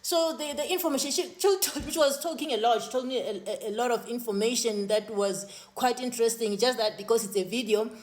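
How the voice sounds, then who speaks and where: A woman's voice: on the high side, brisk, hardly any pauses, darkish tone. A woman earnestly recounting her spiritual visions to camera, often restarting and repeating words. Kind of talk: personal testimony to camera.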